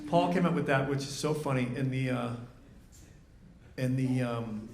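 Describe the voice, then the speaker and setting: Male film director, stop-start delivery, mid-pitched, roomy reverb with faint noise. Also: darkish tone. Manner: halting, many restarts, laughs often. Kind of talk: onstage festival discussion. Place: festival event venue. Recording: echoey room, faint noise.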